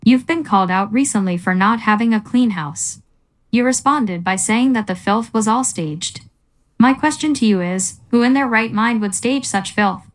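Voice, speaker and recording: A fairly high-pitched woman reads mock interview questions in flat, scripted sarcasm. Her delivery stays deadpan throughout. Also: normal speed. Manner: deadpan, mocking. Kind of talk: scripted satirical narration.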